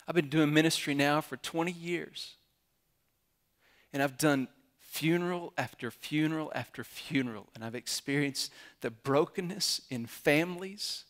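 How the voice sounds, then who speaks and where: A man's voice: a little high, a bit bright. A man, a pastor giving a sermon in an earnest storytelling way that builds to emphatic climaxes.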